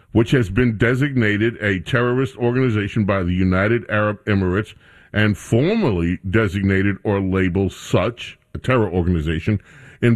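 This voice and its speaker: A man hosting a talk radio show, bantering with his studio crew in a casual commentary style. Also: fairly low pitch.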